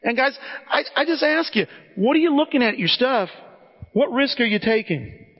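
A man's voice: very high voice, lively intonation, moderate pace, husky. A man preaching a casual, conversational sermon, speaking directly to his listeners and often restarting his sentences. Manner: direct, addresses listeners as "guys", frequent restarts. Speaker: pastor. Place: church sanctuary. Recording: dull recording with long hall reverb.

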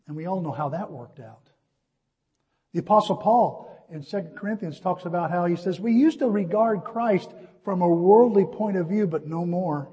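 Midwestern male pastor, middle-aged, high husky voice, lively anecdotal sermon delivery. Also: normal speed, dull audio. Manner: storytelling, animated, addresses listeners as folks. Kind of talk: sermon with personal story. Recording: long reverb of a large hall.

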